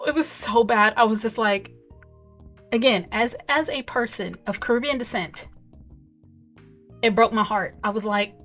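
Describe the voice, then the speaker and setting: A woman's voice: medium pitch, moderate pace, soft background music. Emphatic woman reviewing a movie. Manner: animated, emphatic, repeats "okay?" and "whatever". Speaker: film reviewer, host. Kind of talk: casual movie review chat.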